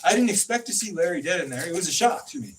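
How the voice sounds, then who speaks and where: A man telling stories in a casual chat, acting out quoted dialogue with animated swings in his delivery. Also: high-pitched, fast. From California. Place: informal home conversation. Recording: distant mic with faint noise.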